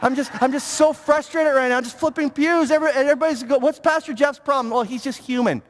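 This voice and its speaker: A man preaching a sermon as pastor, talking in an animated way with stammering restarts and repeated words. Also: extremely high pitch, fast talker. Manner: animated, stammering repetitions, mock-pious impressions. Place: church sanctuary. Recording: long reverb of a church hall.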